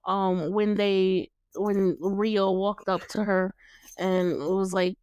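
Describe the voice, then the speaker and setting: Young woman podcast host, lively recap chat, smooth and clear, dry close sound; playful and laughing. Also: mid-range voice, slow, no echo. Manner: animated, laughing, acts out lines in playful voices.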